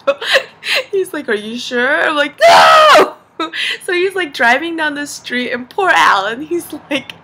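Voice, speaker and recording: A young adult woman vlogging, telling a story in a casual, animated way, laughing often and saying "like" a lot. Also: sits high, normal speed, raised voice, slight background noise.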